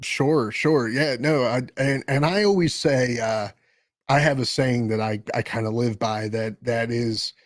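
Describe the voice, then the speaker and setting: A man's voice: mid-range voice, measured pace, no echo. A man chatting as a guest in an interview, rambling with frequent restarts and self-corrections. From Maryland. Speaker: guest musician and podcast host. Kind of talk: casual interview talk.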